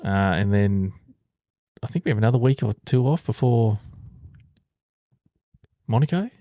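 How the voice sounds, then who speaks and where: Man, low voice, podcast co-host, casual chat, swears freely, laughs a lot, dry close sound. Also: expressive, a little slow, warm tone, no room sound.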